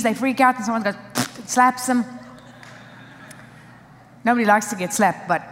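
A woman's voice: on the high side, in a large hall. A woman preaching a sermon with emphasis, driving points home in short repeated phrases.

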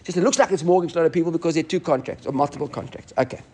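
A man teaching a Talmud class, explaining the text quickly and animatedly, mixing in Hebrew and Aramaic terms. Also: a little high, a little mellow, husky.

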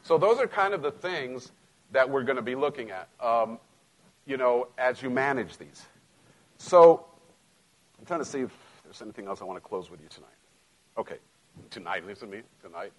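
A middle-aged man with a Latino American accent, preaching a sermon in a conversational, joking way, dropping to quiet asides and rising to loud emphasis. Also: medium pitch, sing-song, normal speed, pauses often, poor audio. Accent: Latino American English. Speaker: pastor.

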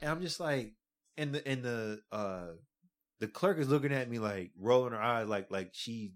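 A young man holds the floor with a long, animated story, swearing freely and acting out every line of dialogue. His voice sits at an ordinary middle pitch, and he talks in a loose, casual way among friends. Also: moderate pace. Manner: animated storyteller, swears a lot, acts out quotes loudly. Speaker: podcast co-host telling a story. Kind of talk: casual chat.

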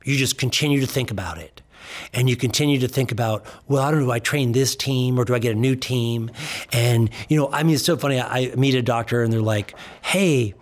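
A man in his fifties hosting a motivational podcast, emphatic and preachy, slowing down to stress key words and acting out his talks with clients. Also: mid-range voice. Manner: acts out dialogue with clients. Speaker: podcast host and practice coach.

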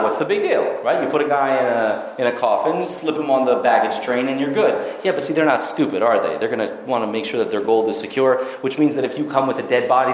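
A man teaches a religious text through dramatic, animated storytelling, his pitch swinging widely. His voice rings in a heavily echoing room with a faint ambient hum behind it.

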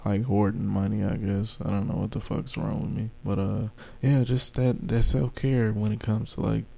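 A man with a dark, mellow voice that carries a gravelly fry. He chats in a laid-back, easygoing way on a casual podcast and swears mildly. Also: on the low side, level tone, moderate pace. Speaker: podcast co-host.

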